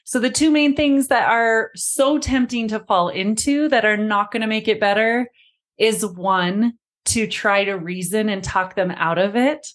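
A woman hosting a parenting podcast, speaking in a mid-pitched voice. She addresses the listener directly and calls them friend while explaining practical parenting steps. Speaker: podcast host and parenting coach. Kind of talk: scripted podcast talk.

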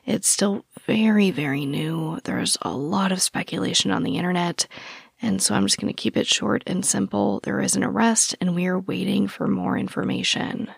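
A woman hosting a true crime podcast, speaking earnestly and softly to her listeners with a sore throat. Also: medium pitch, normal speed, gravelly, breathy edge, dry recording, studio quality. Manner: earnest, soft-spoken, addresses listeners directly. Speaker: podcast host. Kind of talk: true crime podcast narration and casual after-show chat.

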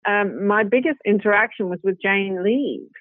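A woman's voice: medium pitch, normal speed, dry recording. A British woman, a guest actress, talking in a chatty, rambling way with frequent "you know"s, restarts and laughter. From Britain. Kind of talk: casual interview chat. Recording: dry, tinny phone-like call audio.

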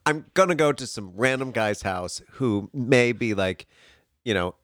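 A man in casual chat, telling a story in an animated, breathless way, with bursts of laughter and swearing. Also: medium pitch, a little slow, no echo, clean studio sound.

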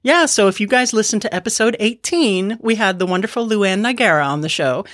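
A woman's voice: mid-range voice, animated, fairly quick, fairly bright tone, no echo, studio quality. A woman co-hosting a podcast, chatting casually and enthusiastically and giggling easily. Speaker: podcast co-host.

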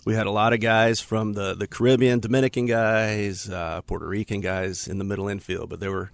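Booming low-voiced man, dry studio. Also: brisk, vocal fry, dry recording. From Florida. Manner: booming radio-style voice, relaxed and self-deprecating. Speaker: guest. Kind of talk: casual podcast chat.

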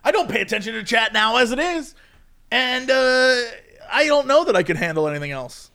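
A man, a streamer, chatting casually and acting out chat messages in a high, excited voice. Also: a little fast.

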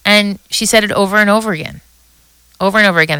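A middle-aged woman hosts her own podcast in a casual, excited monologue. Her voice is bright and smooth, and it sits dry and close to the mic. She is emotional, stumbling and restarting as she gushes. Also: medium pitch, fast talker, dry recording. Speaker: podcast host.

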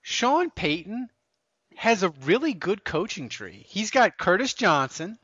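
A man hosting a casual podcast, rambling and correcting himself as he talks, quick to laugh. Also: sits high, big pitch swings, pushed and bright, breathy edge, no echo. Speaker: podcast host. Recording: dull lo-fi podcast audio.

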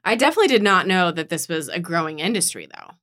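A woman co-hosting a parenting podcast, chatting casually and quickly, with frequent agreement noises. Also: on the low side, very animated, a bit bright. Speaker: podcast co-host, mom. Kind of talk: casual chat.

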